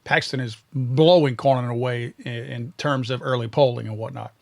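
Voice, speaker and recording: A man's voice: mid-range voice, fairly even intonation, moderate pace, vocal fry, a little mellow. A man from Louisiana hosting a podcast, giving blunt and sarcastic political commentary. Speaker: podcast host.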